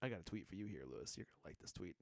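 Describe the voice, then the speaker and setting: A man's voice: sits low, lively intonation, rapid-fire, background noise. A man hosting a live-streamed podcast in a casual, joking way, teasing his co-hosts and reading out viewer comments. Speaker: podcast host.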